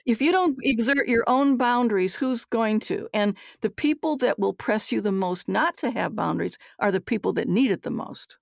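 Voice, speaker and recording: A woman's voice: on the high side, normal speed, gravelly, few pauses, no echo, studio quality. An older woman, a psychologist being interviewed, telling stories in a candid, forthright way and acting out the dialogue. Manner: forthright, acts out quoted dialogue. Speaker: guest author and psychologist.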